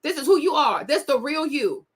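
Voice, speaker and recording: Speaking at normal speed in a high, expressive voice, a young woman addresses her viewers directly on a celebrity gossip show. She comes across as sassy and indignant in her casual commentary.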